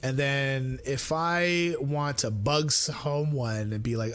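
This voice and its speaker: A man's voice: mid-range voice, slow, hardly any pauses, a bit bright. A man live-streaming a game in casual chat, thinking aloud, mumbling asides and teasing himself. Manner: self-mocking and playful.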